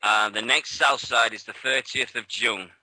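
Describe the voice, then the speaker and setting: A British man on a radio chat show tells stories in a very bright, forceful voice. He is excitable, laughs often and swears freely. The sound is dry and close. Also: mid-range voice, moderate pace, no echo, low-quality recording. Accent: British English. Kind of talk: casual chat.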